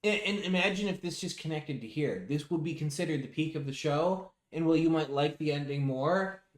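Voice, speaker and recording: Podcast guy going thru his rankings, earnest and analytical, bit high pitched, roomy echo. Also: fairly quick. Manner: earnest and analytical, giving scores. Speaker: podcast co-host. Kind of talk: casual recap chat.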